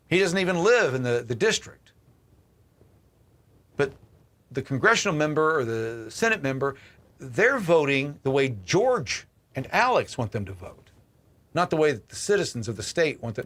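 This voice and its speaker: A man hosts his own political stream and rants, cursing freely as he stumbles over and repeats his words. His voice sits a bit high and comes across bright and forceful. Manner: angry, profane, repeats and restarts. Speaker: political livestream host. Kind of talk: ranting commentary.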